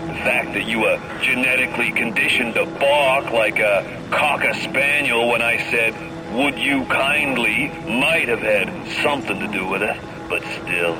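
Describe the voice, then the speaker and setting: A man's voice: medium pitch, measured pace, natural voice. An actor with a New York accent playing a smug, scheming male crime boss in a video game, with a drawling tough-guy delivery. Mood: gloating. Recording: game audio with noisy background hum.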